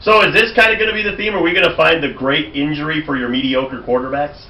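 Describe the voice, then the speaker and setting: A man co-hosting a casual sports chat, relaxed, often stammering and restarting his sentences. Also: fairly high pitch, quick pace, slight background noise. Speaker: co-host. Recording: distant, echoey, muffled home recording.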